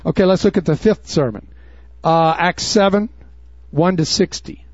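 Male preacher, high voice, emphatic and urgent, dull dry recording. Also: moderate pace, no room sound. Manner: emphatic, urgent, mocking asides. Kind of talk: sermon.

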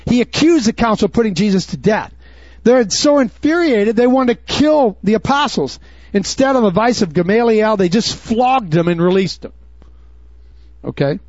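A man's voice: sits high, animated, normal speed, a little mellow, dry recording. A man preaching a sermon in an emphatic, urgent way, with mocking asides. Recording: dull dry recording.

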